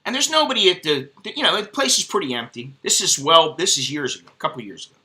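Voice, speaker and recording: A man's voice: a little high, very animated, fast talker, bright, forceful tone. An American man ranting bluntly and profanely in a casual vlog monologue. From United States. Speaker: expat vlogger.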